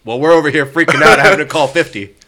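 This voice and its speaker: A young man in casual chat, chiming in with quick remarks and side stories. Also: on the high side, pushed and bright.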